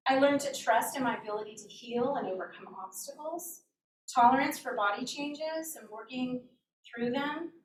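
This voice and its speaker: A woman giving an earnest, animated inspirational talk as a guest speaker in a church hall. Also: high-pitched, moderate pace. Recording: roomy echo from a distant mic, faint hum.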